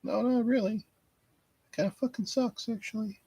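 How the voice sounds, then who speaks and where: A squeaky, whiny cartoon teenage boy, as a man puts him on, nervous and forever complaining. His voice sits far above the performer's own and tumbles out in quick, fretful bursts. The sound is close and dry. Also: steady tone, dark tone, husky, no echo. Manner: stammering, complaining.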